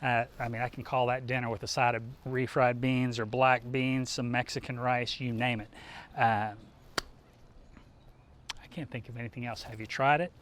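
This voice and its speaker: A man runs a live outdoor cooking demo in a loose, chatty way. His voice sits at an ordinary middle pitch, and he fills his talk with easy asides and fillers. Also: level tone, normal speed, a bit bright, a little hiss or hum. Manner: casual, chatty, upbeat, many fillers. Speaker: cooking demonstrator.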